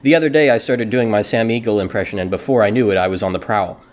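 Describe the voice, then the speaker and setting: A man's voice: lowish voice, quick pace. Playful man hosting a podcast. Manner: playful, jokey, animated. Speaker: podcast host. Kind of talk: casual podcast discussion.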